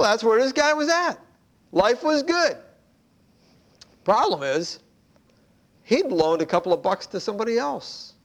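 Male pastor, high-pitched voice, casual storytelling sermon with whispered asides. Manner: conversational storytelling, swings to hushed asides.

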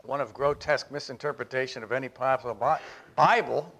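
A man's voice: fairly quick, a bit bright. A man preaching an earnest, emphatic sermon and reading a text aloud to his congregation. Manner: earnest, emphatic, rises in pitch when reading. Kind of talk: sermon with read-aloud passage.

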